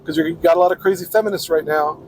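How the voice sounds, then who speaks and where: A man's voice: on the high side, steady tone, fast talker, darkish tone, slight background noise. A man giving a blunt, preachy casual monologue, swearing freely. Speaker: podcaster.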